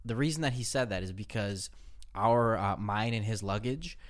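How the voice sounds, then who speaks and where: A young man with a somewhat low voice co-hosts a casual podcast. He tells loose, rambling stories full of profanity and laughs along the way. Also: normal speed. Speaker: podcast co-host.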